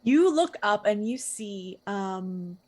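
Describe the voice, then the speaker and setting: A woman running a tabletop role-playing session, narrating in a loose, casual way. She hesitates often and fills pauses as she thinks aloud, at an ordinary middle pitch. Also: expressive, darkish tone. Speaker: game master.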